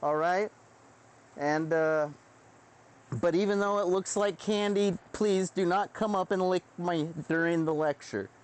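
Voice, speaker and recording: A man's voice: high-pitched, a little slow, smooth. A man voicing a silly, cheeky male professor addressing a class in a mock-formal lecturing manner. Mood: mock-stern.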